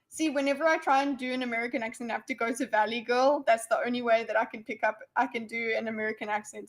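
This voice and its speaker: A woman's voice: a little high, brisk, low-quality recording. A woman with a South African accent, commenting on a debate during a live stream in a rambling, playful way with giggly asides.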